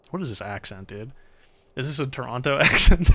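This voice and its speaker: A man streaming a game, reacting with quick jokes, laughter and swearing. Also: mid-range voice, animated, fairly bright tone. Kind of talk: gameplay commentary.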